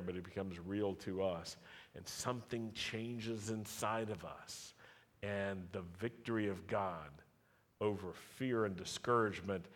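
A man preaching a sermon and leading prayer before a live congregation, with emphatic, rising declarations and repeated rhetorical questions. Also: fairly low pitch. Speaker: pastor. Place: congregation hall, live service. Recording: long hall reverb.

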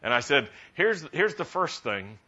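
A man preaching a sermon to a congregation in a conversational, practical way, rising to animated emphasis. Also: on the high side, measured pace. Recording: dull lo-fi sound.

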